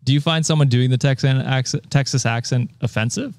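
A man's voice: medium pitch, a little fast, darkish tone, no echo, clean studio sound. A man co-hosting a casual podcast, reacting to a reddit post and often trailing off with ums. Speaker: podcast co-host.

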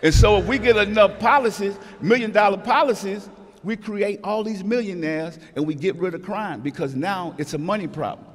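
A middle-aged man, speaking as an interview guest in an emphatic, preachy storytelling way that climbs into shouts. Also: high-pitched, normal speed. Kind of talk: animated motivational talk. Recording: hall with long reverb.

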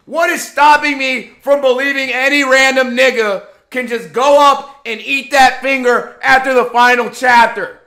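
High-pitched gravelly man ranting. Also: fairly even intonation, a little slow, hardly any pauses. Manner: exasperated, swears heavily, rhetorical questions, often shouts. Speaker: anime commentary youtuber. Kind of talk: profane ranting commentary.

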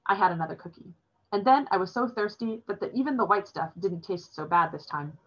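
A woman reading a novel aloud in a plain, steady storytelling manner, recorded with dull lo-fi sound. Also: medium pitch, brisk.

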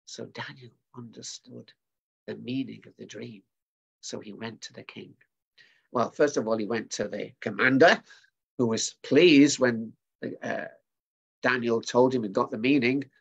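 A man's voice: medium pitch, steady tone, unhurried, creaky, slightly rough, lo-fi sound. A man preaching at a family service, retelling a bible story in a chatty way with asides to his listeners.

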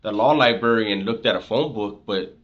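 A man's voice: on the low side, brisk, highs cut off. A man giving reaction commentary with sarcastic, skeptical asides.

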